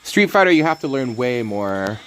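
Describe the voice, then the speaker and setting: A playful male streamer talking through a card game in a loose, rambling way, laughing often. His voice sits at an ordinary pitch, with faint music under it. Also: big pitch swings, moderate pace, a bit bright. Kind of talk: casual gaming commentary.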